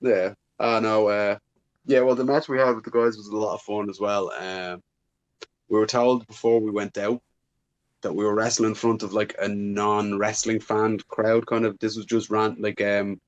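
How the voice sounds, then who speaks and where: A man's voice: fairly low pitch, level tone, normal speed, muffled recording. A man, a wrestler guest on a podcast, chatting casually and rambling with lots of fillers.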